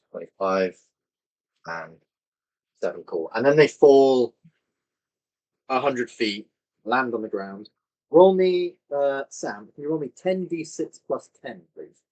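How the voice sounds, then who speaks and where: A man runs a tabletop game as dungeon master, voice at an ordinary middle pitch. He narrates plainly and casually, matter-of-fact about the action. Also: expressive, slow, pauses often, darkish tone, highs cut off.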